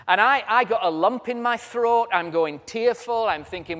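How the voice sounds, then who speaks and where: At a moderate pace and in a high, fairly bright voice, a British preacher moves about the stage of a large convention hall, delivering his sermon through funny stories. The hall's reverberation is audible in the recording.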